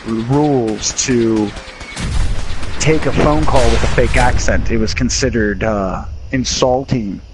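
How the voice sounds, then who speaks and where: A man's voice: mid-range voice, slow pace, heavy background noise. A man chatting casually while streaming a video game. He tells rambling stories and chuckles often. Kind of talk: casual chat while gaming. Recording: game gunfire clearly heard behind. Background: video game gunfire and explosions.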